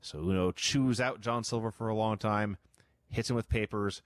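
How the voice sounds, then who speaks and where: A man's voice: on the low side, moderate pace, no echo. A man co-hosting a podcast in casual chat, telling a show's events as a running recap. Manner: storytelling recap, amused. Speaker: podcast co-host.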